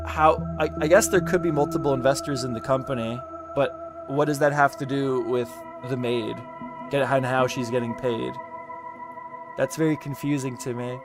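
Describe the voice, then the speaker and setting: A man giving casual reaction commentary while reading a lawsuit aloud, exasperated and sarcastic, stumbling over the legal wording. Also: medium pitch. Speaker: commentary YouTuber.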